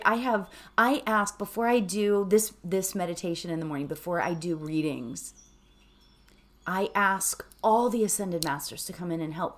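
A slightly hoarse woman leading a guided meditation in a chatty way, laughing often and ending her lines with "right?". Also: mid-range voice. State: slightly hoarse from early morning.

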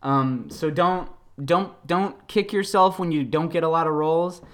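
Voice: mid-range voice, measured pace, a bit bright. Rambling, laughing solo podcaster. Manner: rambling, lots of fillers, frequent laughter. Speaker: podcast host.

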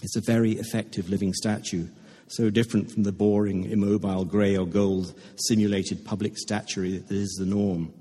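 A man reading a story aloud to a live audience, in a measured, understated way. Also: lowish voice, little pitch movement, mellow, slightly rough. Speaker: reader at a literary reading. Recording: echoey hall with long reverb.

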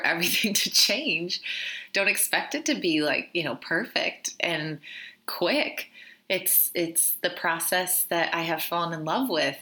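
A woman's voice: fairly low pitch, sharp tone. A woman hosting a podcast, talking candidly and from the heart, swearing casually and laughing often. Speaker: podcast host. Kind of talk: casual reflective podcast monologue.

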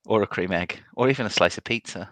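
A man's voice: on the low side, fast talker, fairly bright tone, no echo. A man hosting a casual podcast chat, chatty and hesitant, laughing often. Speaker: podcast host.

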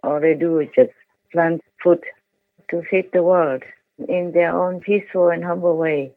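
Male teacher, high gravelly voice, emotional and pleading, dry tinny phone audio. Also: steady tone, unhurried, no echo. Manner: emotional, pleading, repeats words. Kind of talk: phone call with followers. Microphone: telephone.

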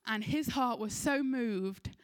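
A woman's voice: on the high side, slow pace, clear, resonant tone. Earnest woman preaching a sermon. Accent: English. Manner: earnest storytelling, acts out quoted lines.

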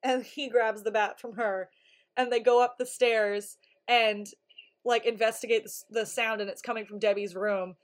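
Recapping a TV episode in a relaxed way, this podcast co-host keeps a normal speed and a voice on the high side. She animatedly performs the characters' lines as she walks through the story.

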